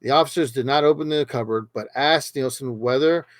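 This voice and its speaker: Dry, steady male true crime narrator. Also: medium pitch, brisk, no room sound. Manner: steady reading with small stumbles and casual asides. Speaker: true crime podcast host. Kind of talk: reading a true crime case aloud.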